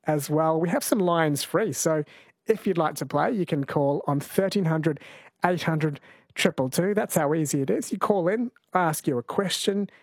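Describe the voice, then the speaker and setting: A man's voice: on the high side, moderate pace, no room sound. A man hosting a radio phone-in quiz in a casual, chatty way, laughing easily.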